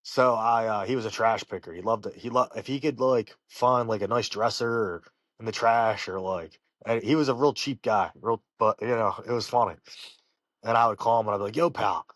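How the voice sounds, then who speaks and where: A man, a professional fighter, telling personal stories in an interview, halting and full of fillers and restarts. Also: on the low side, steady tone, fairly bright tone, dry recording. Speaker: professional fighter, podcast guest. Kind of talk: casual interview storytelling.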